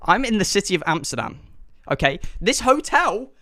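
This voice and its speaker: A young man, a streamer telling an animated, sweary storytime to his chat and acting out the dialogue. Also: high-pitched, normal speed. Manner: excitable, swearing, acts out dialogue.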